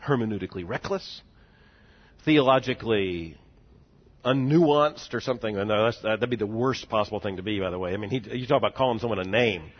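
A man in his forties, a seminary president, telling a story in a speech, swinging between hushed and loud with laughing asides. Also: lowish voice, slightly rough. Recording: dull lo-fi recording.

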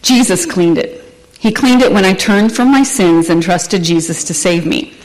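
A woman reading the part of a kind, patient mother who gently explains things to her daughter in a storybook read aloud. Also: lowish voice, normal speed, natural voice, low-quality recording. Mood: explaining.

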